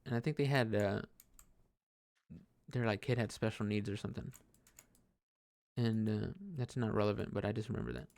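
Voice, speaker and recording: A man's voice: lowish voice, moderate pace, creaky, long pauses, darkish tone. A man telling a personal story in a rambling, casual way, swearing often and restarting sentences while he plays a computer game. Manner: rambling, profane, many fillers and restarts.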